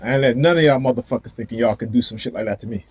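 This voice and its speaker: A man's voice: medium pitch, rapid-fire, a little mellow, a little hiss or hum. A man ranting defiantly to the camera outdoors in a casual, confrontational vlog, laughing now and then. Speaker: vlogger.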